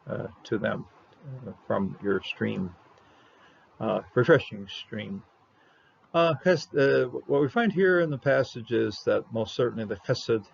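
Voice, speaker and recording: A low, gravelly man works through a Hebrew verse word by word, pausing often and drawing out each term as he sounds it. The recording is dull and lo-fi. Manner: halting, many fillers, sounds out Hebrew words slowly. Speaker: Hebrew Bible teacher.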